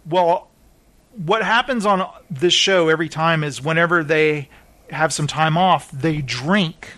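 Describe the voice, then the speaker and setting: A man hosts a casual talk show, his voice sitting a little high. He rambles through a story with plenty of fillers and animated retellings. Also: a little slow. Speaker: podcast host. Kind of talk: casual chat recapping a reality show.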